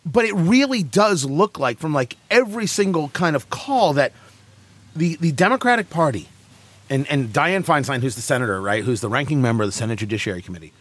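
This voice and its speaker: A man hosting a talk show, ranting and joking sarcastically in casual banter with co-hosts. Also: a little high. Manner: animated, sarcastic, quick asides.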